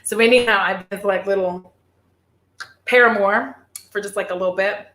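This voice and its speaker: A woman's voice: mid-range voice, steady tone, moderate pace, fairly bright tone, echoey room, slight background noise. A woman chatting on a casual livestream, rambling and giggling with lots of fillers. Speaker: streamer.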